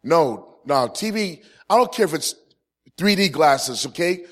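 A man in his forties in ministry, telling a humorous personal testimony to a live audience. He swings from loud, punchy comic lines to quiet, earnest points. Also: a little high, lively intonation, a little slow. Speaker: Christian ministry speaker.

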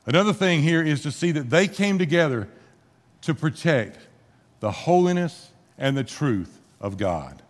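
A man's voice: a little high, sing-song, a little slow. A man preaching a sermon in a church, reading scripture aloud and then explaining it in plain conversational words. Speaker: pastor. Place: church sanctuary with a congregation. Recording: long hall reverb.

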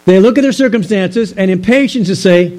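A man preaching a sermon, explaining a Bible passage in a measured way and asking the listeners rhetorical questions. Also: sits high, warm tone, rough recording. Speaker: pastor.

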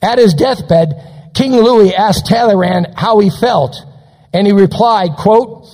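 A male pastor preaching a sermon, dramatic and slowing down for quotations. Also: high voice, darkish tone, in a large hall, low-quality recording. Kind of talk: recorded sermon on radio.

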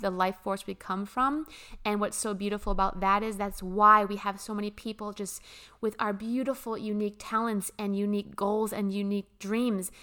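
Bright, gushing young woman. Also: medium pitch. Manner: gushing, emphatic, swears casually, laughs often. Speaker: spiritual vlogger. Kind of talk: casual spiritual storytelling.

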